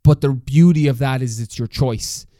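A man's voice: medium pitch, moderate pace, mellow, no echo, studio quality. A young adult man with an Irish accent hosting a motivational solo podcast, talking candidly and swearing freely in a coaching tone. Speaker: podcast host.

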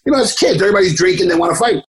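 A man's voice: sits high, animated, racing, rough recording. A middle-aged man from the Bronx with a New York accent, telling rambling, swear-laden stories as an interview guest. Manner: rambling, streetwise, swears freely, acts out others' voices. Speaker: actor, guest. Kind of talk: casual storytelling interview.

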